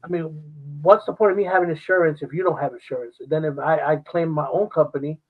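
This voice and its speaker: A man with a fairly high voice co-hosting a casual podcast, working through his points in fits and starts and repeating himself as he goes. His voice comes through a dull, lo-fi mic. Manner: halting, stumbles and repeats words. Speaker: podcast co-host. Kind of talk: casual chat.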